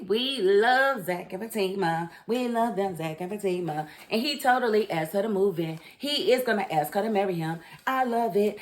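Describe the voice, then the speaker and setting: Sassy, chatty woman reviewing a show. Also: mid-range voice. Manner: sassy, chatty, laughs often, talks to viewers. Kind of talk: casual review commentary.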